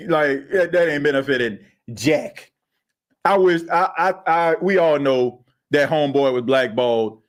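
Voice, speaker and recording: A man hosting a sports podcast, talking in an animated, slangy way and reacting to viewer comments. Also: high voice. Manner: animated, slangy, reads chat comments aloud. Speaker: podcast host.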